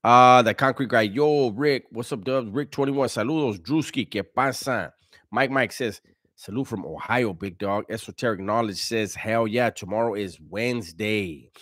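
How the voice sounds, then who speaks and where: Laid-back low-voiced man reading chat. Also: normal speed, a bit bright, no echo, studio quality. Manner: laid-back, slangy, chuckling often. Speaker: live-stream host. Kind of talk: casual live-stream chat, reading viewer comments aloud.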